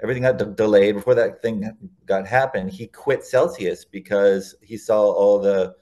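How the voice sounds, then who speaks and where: A man's voice: on the low side, fairly even intonation, normal speed, darkish tone. A man, a guest on an interview show, telling long anecdotes casually, often restarting and correcting himself mid-sentence. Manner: rambling, self-correcting anecdotes.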